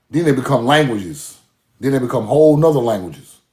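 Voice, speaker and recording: A man's voice: mid-range voice, normal speed, echoey room. A man, talking casually and mockingly in a profane rant to his audience. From US South. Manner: animated, laughing, mocking, profane.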